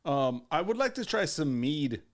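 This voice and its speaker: A man's voice: fairly high pitch, very animated, moderate pace. Joking man in a casual chat. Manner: joking, laughs often, crude humor. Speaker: podcast co-host.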